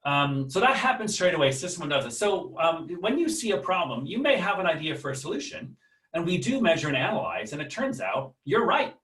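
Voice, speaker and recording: A man's voice: on the high side, very animated, fairly quick, fairly bright tone, recorded from a distance. A man with an American accent giving an online lecture in a casual way, with many fillers and restarts, and putting questions to his audience. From United States. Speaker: webinar lecturer. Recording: roomy sound, voice a bit off-mic.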